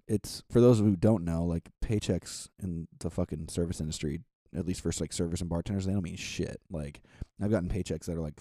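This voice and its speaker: Dark-voiced, cussing man. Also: deep voice, no echo, studio quality. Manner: blunt, profane, enthusiastic. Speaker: restaurant server. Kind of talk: casual chat.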